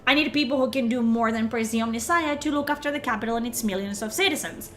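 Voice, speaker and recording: A woman reading the lines of a stern, proud male planetary governor in measured, formal speech. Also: a little high, a bit bright, slight background noise, natural voice. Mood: defiant.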